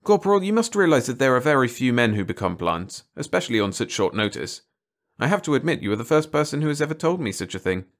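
A man voicing a gentle, middle-aged male army doctor who asks calm, probing questions in a storybook reading. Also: medium pitch, quick pace, voice pushed up, lightly acted. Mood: gently probing.

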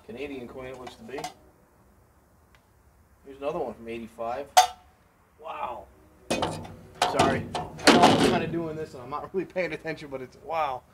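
A man giving a casual running commentary as he works, excitable, exclaiming and thinking aloud into a camera mic held close. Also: medium pitch. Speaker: vlogger restoring a vending machine. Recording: noisy background hiss.

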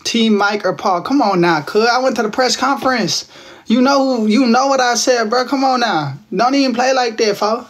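This livestream host is a Texas man in his twenties, broadcasting casually from home on his phone. His voice is very high and at normal speed as he teases viewers and answers comments in playful slang.

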